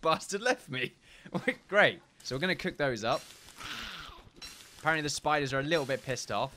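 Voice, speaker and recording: A young man giving casual, joking commentary while playing games, chatty and quick to swear and laugh. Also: on the high side, expressive, sharp tone, a little hiss or hum. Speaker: gaming YouTuber. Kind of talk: casual let's-play commentary.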